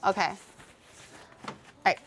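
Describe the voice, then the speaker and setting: A woman's voice: slow pace, fairly bright tone, a little hiss or hum. A young woman cooking on a livestream, chatting casually with her viewers, teasing them, swearing and laughing often. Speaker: cooking streamer.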